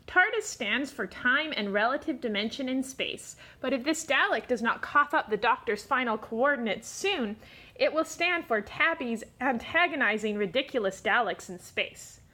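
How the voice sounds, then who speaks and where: A woman's voice: fairly high pitch, lively intonation, moderate pace, bright, forceful tone. A woman voicing a bossy, clever female cat in a storybook, matter-of-fact and lecturing. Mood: self-assured.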